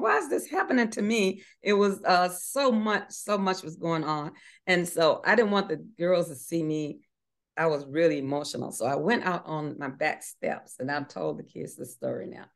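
A woman's voice: on the low side, normal speed. A middle-aged woman recounts a personal faith testimony in an interview. She speaks earnestly, hesitating with fillers and restarts, and lifts her voice to act out the people in her story.

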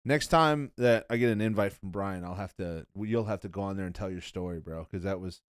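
A man's voice: sits low, brisk, smooth, dry recording, clean studio sound. A young man hosting a podcast in casual chat, rambling and profane, calling people "bro" and "dude.". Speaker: podcast host.

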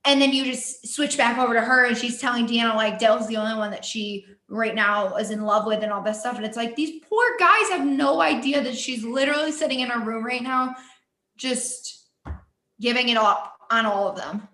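A woman's voice: on the high side, steady tone, normal speed, pushed and bright, reverberant. A young woman co-hosting a podcast in casual chat, talking chattily with many "like" fillers. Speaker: podcast co-host.

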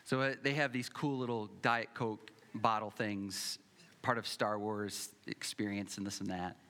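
A pastor preaching a sermon, telling humorous personal stories and building to emphatic repeated lines. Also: male voice, fairly low pitch, unhurried. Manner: animated, humorous storytelling, building to emphatic repetition.

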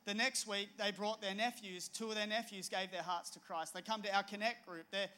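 Middle-aged male pastor, lively storyteller, high and bright. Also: a little fast. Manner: storytelling, animated and conversational. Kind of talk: sermon with personal story.

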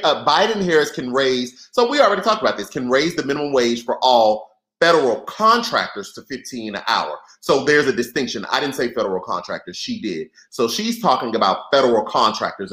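A man hosting a live political podcast, reading and reacting to viewers in a lively, direct way. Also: medium pitch, fairly quick, echoey room, poor audio. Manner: animated, talks straight to viewers. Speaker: podcast host. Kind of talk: live-stream political commentary.

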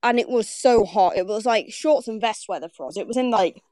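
A woman's voice: medium pitch, a little fast, no echo. A young woman with a Northern English accent, chatting as a podcast co-host, bubbly and laughing as she tells stories. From Northern England. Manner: bubbly, laughing, animated storyteller. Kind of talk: casual chat.

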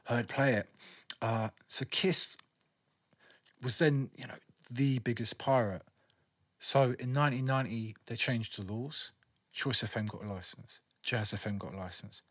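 A man from northwest London with a London accent, chatting casually as a guest DJ and sharing memories with slang and shout-outs. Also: mid-range voice, a little slow. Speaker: guest DJ and radio presenter. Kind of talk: casual interview chat.

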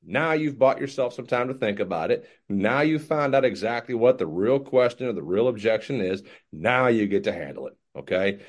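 A man giving casual sales coaching, lively and acting out customer conversations. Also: medium pitch, moderate pace, hardly any pauses. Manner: animated, acts out customer dialogues.

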